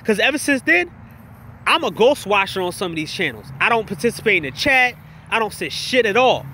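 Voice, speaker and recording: Man, high voice, bright tone, heated profane livestream rant, addressing viewers. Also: very animated, a little fast, a little hiss or hum. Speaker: livestream commentator.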